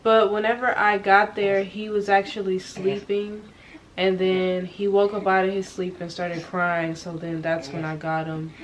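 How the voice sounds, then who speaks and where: Young mom vlogger, casual and talky, lowish voice, phone mic. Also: female voice, a little hiss or hum, low-quality recording. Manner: chatty, peppered with "like" and "y'all". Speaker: vlogger and mother. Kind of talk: casual vlog chat.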